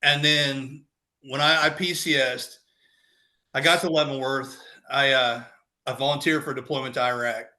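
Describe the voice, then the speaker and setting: A man's voice: medium pitch, steady tone, normal speed, pushed and bright. A man hosting a podcast and trading army stories in casual chat, eager and laughing along. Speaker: podcast host, former army dog handler.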